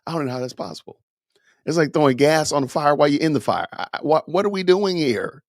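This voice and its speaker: A man's voice: a little high, animated, quick pace, no echo, clean studio sound. A man hosting a podcast, giving emphatic, scolding commentary with a preacher-like cadence. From Atlanta. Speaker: podcast host. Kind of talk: commentary on a news clip.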